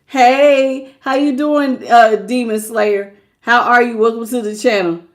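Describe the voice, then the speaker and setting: A woman doing a live tarot reading who talks in an animated, slangy way, laughs often and acts out the people she quotes. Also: fairly high pitch, measured pace. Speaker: tarot reader.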